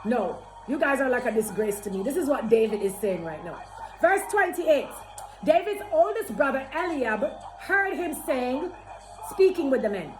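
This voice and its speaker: A woman's voice: high-pitched, sing-song, moderate pace. A woman preacher delivering an emphatic sermon, repeating phrases and calling her listeners children. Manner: emphatic, repetitive exhortation addressing listeners as children. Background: background music.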